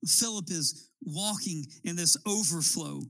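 A man's voice: a little high, unhurried, gravelly, sharp tone, dry recording, poor audio. A man preaching a sermon as a pastor, building his points with emphatic, rising appeals.

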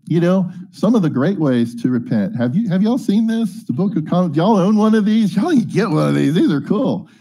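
A man with a mellow, husky, fairly high voice preaches a casual, folksy sermon. He reads and explains scripture in a chatty way, tossing in jokes and asides.

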